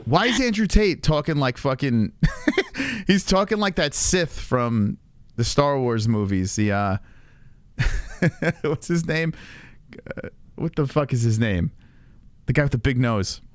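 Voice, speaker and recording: A man's voice: mid-range voice, sing-song, slow, long pauses, no echo, studio quality. A man hosting a livestream, reacting to a clip with crude, mocking commentary and frequent laughter. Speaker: livestream host.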